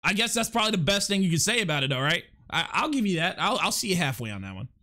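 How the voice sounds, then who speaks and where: A man's voice: high voice, big pitch swings, very fast, pushed and bright. A young man hosting his first live podcast, chatting casually and rambling, stammering as he reads out and answers viewers' chat. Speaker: live podcast and stream host.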